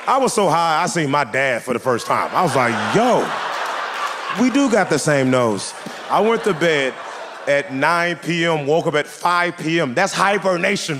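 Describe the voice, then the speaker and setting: A young man doing a stand-up comedy routine, telling a story with animated delivery and acted-out voices on a club stage. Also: on the high side, noisy background. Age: 20s.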